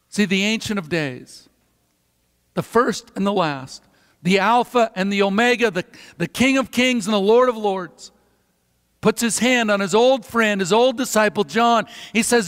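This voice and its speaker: A man preaching in a church sanctuary, his voice pitched high and carrying a long reverberant tail. He builds phrases with deliberate pauses and lets them fall to a near hush at the end. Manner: dramatic pauses, drops to a hush at phrase ends. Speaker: pastor. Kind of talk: sermon. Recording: reverberant hall.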